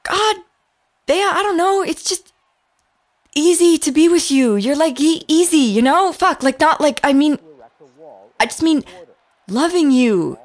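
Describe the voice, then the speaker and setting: An actress playing a blunt, rebellious young woman who rambles and swears in halting bursts. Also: high voice, lively intonation. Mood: flustered.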